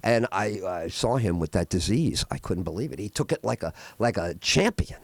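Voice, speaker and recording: A middle-aged man hosts a talk radio show, his voice swooping high and low as he rambles through heartfelt stories, full of restarts. He sounds choked up as he talks, close to tears. The studio sound is completely dry. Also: animated, normal speed, no echo. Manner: emotional, rambling storytelling with restarts. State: tearing up. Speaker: radio host. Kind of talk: casual talk radio monologue.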